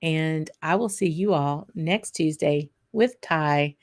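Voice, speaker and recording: A woman's voice: sits low, slow. A woman host, chatting casually and easily with plenty of ums as she wraps up a whisky tasting episode. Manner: chatty and relaxed, with frequent ums and light laughs. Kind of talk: casual podcast chat.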